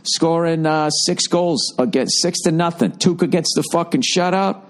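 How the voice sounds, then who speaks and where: A man telling an excited, profane story in a casual podcast. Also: fairly high pitch, normal speed, few pauses.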